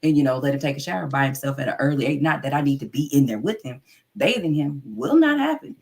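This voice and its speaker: A woman's voice: sits low, animated, quick pace. A woman telling frank, blunt stories in casual chat, full of "you know" fillers.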